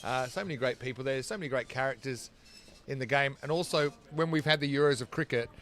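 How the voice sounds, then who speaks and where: A man's voice: mid-range voice, fast, a bit bright. A man from Australia commentating live cricket, chatting between balls and breaking off to call the play. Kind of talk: live sports commentary and chat.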